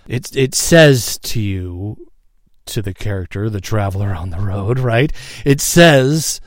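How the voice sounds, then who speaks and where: A man narrating a guided visualization story in a casual way, checking in with "right?" and chuckling softly. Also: lowish voice, lively intonation, takes it slowly, no echo, studio quality.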